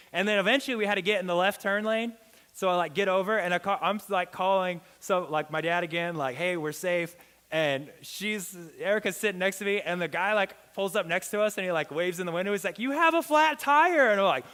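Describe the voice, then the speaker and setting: Animated young man youth pastor, hall echo. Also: fairly high pitch. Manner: animated, chatty storytelling with many "like"s. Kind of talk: storytelling sermon. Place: church hall. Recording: reverberant church hall.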